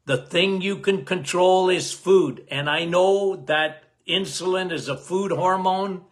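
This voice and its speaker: A man hosting a health podcast in a casual talk, loud and emphatic, repeating key phrases and calling listeners guys. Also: takes it slowly. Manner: loud, emphatic, cannot lower his volume.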